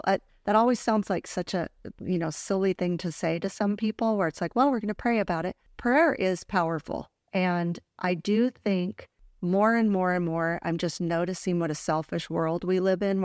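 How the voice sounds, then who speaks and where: A woman's voice: fairly low pitch, darkish tone, dry recording, studio quality. A woman hosting a faith podcast, talking in an earnest, heartfelt way and telling a personal story. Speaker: podcast host. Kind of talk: casual faith podcast talk.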